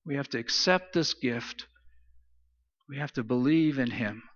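A man's voice: medium pitch, measured pace, a bit bright, in a large hall, muffled recording. A man preaching a sermon in an emphatic style, repeating phrases for stress. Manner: emphatic, repetitive preaching cadence. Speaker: pastor.

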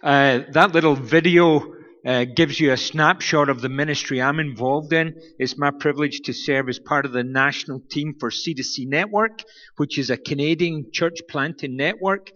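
A man's voice: fairly high pitch, normal speed, fairly bright tone. A man giving a humorous sermon as a guest preacher, telling wry, self-mocking stories. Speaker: guest preacher from a church planting network. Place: church. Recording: dull recording in a reverberant hall.

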